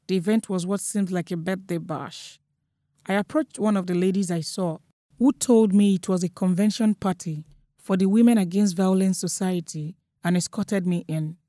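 A woman's voice: mid-range voice, warm tone, no echo, clean studio sound. Nigerian woman reading a story. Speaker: narrator. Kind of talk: first-person story reading.

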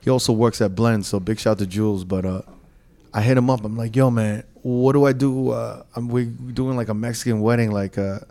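A young man talks in a relaxed podcast chat. He tells stories in a loose, profane way, acting out what he said along the way. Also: medium pitch, fairly quick. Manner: loose, profane storytelling with quoted asides. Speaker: podcast co-host and DJ. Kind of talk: casual chat.

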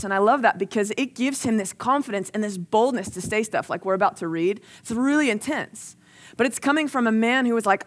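A young adult woman preaching a sermon in a casual, earnest way, sometimes acting out the people she quotes. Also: mid-range voice. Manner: conversational and earnest, acts out quoted voices.

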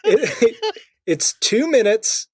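A man's voice: extremely high pitch, very animated, slow, crowd noise. A man co-hosting a podcast in casual chat, often laughing and filling his talk with "like" and "uh". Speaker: podcast co-host.

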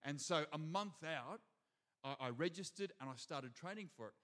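An Australian pastor delivers a sermon in a high, bright register, full of lively energy and at normal speed. Standing at the front of a church hall, he repeatedly calls out to the congregation.

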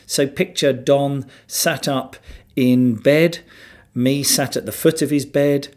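A man hosting a podcast, introducing a bedside chat and gently asking questions from the foot of the bed. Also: mid-range voice, steady tone, slow pace. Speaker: podcast host. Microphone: microphone at the foot of the bed.

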